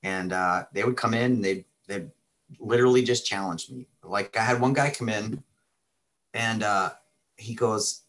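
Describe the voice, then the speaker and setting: A man's voice: on the low side, normal speed, a bit bright. A middle-aged man who owns a martial arts school, casually telling stories in an interview, laid-back and chatty. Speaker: martial arts school owner, podcast guest.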